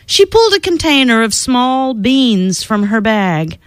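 A woman reading a children's storybook aloud in an expressive, lilting storytelling manner. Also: on the high side, unhurried, clear, resonant tone, no echo.

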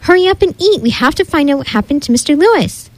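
A woman's voice: high-pitched, lively intonation, fast, darkish tone, dry recording, pitched above the performer's own voice. A woman reading a storybook, voicing an anxious, insistent young boy. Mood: urgent. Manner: urgent, insistent.

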